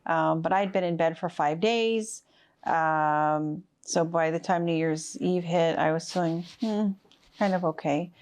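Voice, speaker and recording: A middle-aged woman giving a personal account of her husband's illness, halting with fillers and restarts. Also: low-pitched, darkish tone. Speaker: interviewee, wife of a covid patient. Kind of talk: personal testimony.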